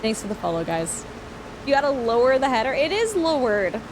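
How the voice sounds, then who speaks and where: A young woman from Canada, a streamer chatting casually with viewers while playing a farming game, self-deprecating and quick to thank people. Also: high-pitched, sing-song, background noise. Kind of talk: casual livestream chat while gaming.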